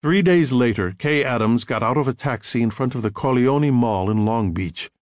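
A man narrates an audiobook, telling the story expressively in a medium-pitched voice at a normal speed. The recording is clean studio sound with no room sound.

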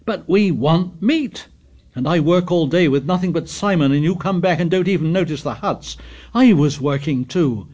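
Man doing an obsessive boy hunter, audiobook, eager and quick. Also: on the high side, darkish tone, voice pushed up, lightly acted. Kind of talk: audiobook character reading.

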